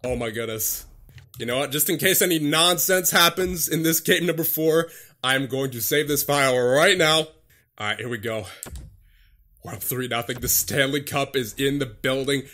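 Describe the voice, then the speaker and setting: A man's voice: medium pitch, moderate pace, sharp tone. A young man commentating his own hockey video game, out of breath, nervous and pleading, calling the plays like a broadcaster. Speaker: gaming YouTuber playing a hockey franchise.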